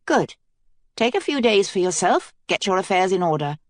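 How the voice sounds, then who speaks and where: A woman's voice: medium pitch, very animated, normal speed, dry recording, clean studio sound, lightly acted. A woman voicing a determined young queen in an audiobook, speaking earnestly and with command.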